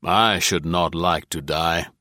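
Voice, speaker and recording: A man reading the part of a cold, impassive male general who gives orders in a slow, clipped way. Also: low voice, fairly even intonation, pushed and bright, no echo, studio quality, full character voice. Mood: brooding. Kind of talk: audiobook character reading.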